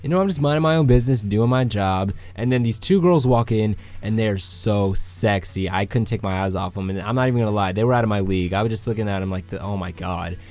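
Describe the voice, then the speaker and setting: A man's voice: lowish voice, quick pace, few pauses. Young man telling an awkward story. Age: young adult. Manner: animated, acts out quoted lines. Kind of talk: casual storytelling to camera.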